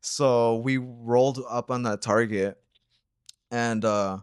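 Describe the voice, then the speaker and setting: A man's voice: medium pitch, steady tone, slow, smooth, no room sound, clean studio sound. A young man co-hosting a reaction channel, telling a story in a laid-back, rambling way full of slang and fillers. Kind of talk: casual storytelling chat.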